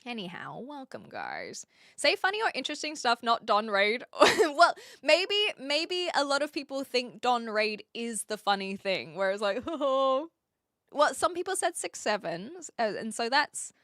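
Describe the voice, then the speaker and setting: A young streamer from New Zealand chats casually with viewers from an attic, her accent softened by years in Australia and the UK. High, bright, giggly, and bubbly, she reads chat aloud and laughs often. The close mic is dry, with no echo.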